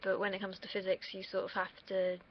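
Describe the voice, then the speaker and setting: A woman's voice: mid-range voice, monotone, fast. A young woman from the UK, vlogging in a rambling, self-deprecating monologue and swearing freely. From United Kingdom. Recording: dull lo-fi recording.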